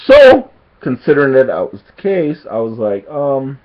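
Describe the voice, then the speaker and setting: A man's voice: mid-range voice, moderate pace, lo-fi sound. A man telling a casual story to his camera, laughing often and acting out what people said. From Jamaican heritage. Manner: animated storytelling, laughs often, acts out quotes.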